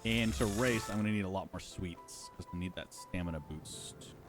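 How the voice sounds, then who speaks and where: A man's voice: sits low, normal speed, music in the background. A man hosting a live stream, giving casual, playful commentary while playing and talking to his chat. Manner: chatty, playful, talks to chat.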